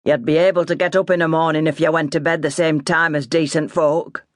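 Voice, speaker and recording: Woman putting on a gruff old farmer dad, growly and scornful, odd changed tone. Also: fairly high pitch, little pitch movement, a little fast, no echo, clean studio sound, close to an everyday voice. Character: gruff stern older farmer father.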